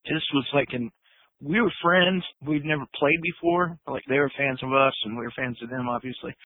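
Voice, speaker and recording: A man's voice: mid-range voice, a little fast, no room sound. Man on a tinny phone line. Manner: swearing, laughing, acts out quotes. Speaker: guest musician. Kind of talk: animated storytelling.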